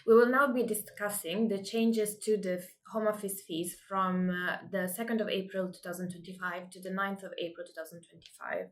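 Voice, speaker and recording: A woman's voice: mid-range voice, fairly even intonation, fairly quick, hardly any pauses. A woman who works as an immigration law specialist, presenting in a webinar hesitantly with many filler sounds.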